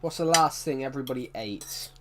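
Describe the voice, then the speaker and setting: A man's voice: medium pitch, a little fast, background noise. A man chatting casually on a live stream, rambling and correcting himself, with a tickly throat that keeps him coughing.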